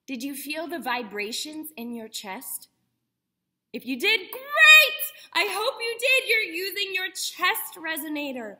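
A woman's voice: very high voice, sing-song, unhurried, bright, forceful tone. A young woman acting teacher leading a voice lesson for kids, encouraging and demonstrating breathing and projection exercises.

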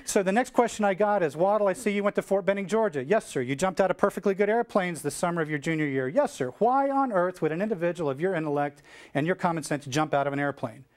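Middle-aged american guy on stage giving a keynote, slightly high voice, acts out all the lines, yells the cheers. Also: fast. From United States. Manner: animated storyteller acting out dialogue, shouting cheers. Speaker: keynote speaker. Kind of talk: storytelling keynote speech.

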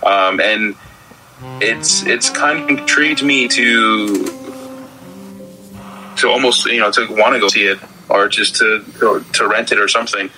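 A man's voice: lowish voice, unhurried, bright, forceful tone, soft background music, low-quality recording. A man co-hosting a podcast, chatting casually about a film, rambling with lots of stammers and restarts. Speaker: podcast co-host. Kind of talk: casual film-discussion chat.

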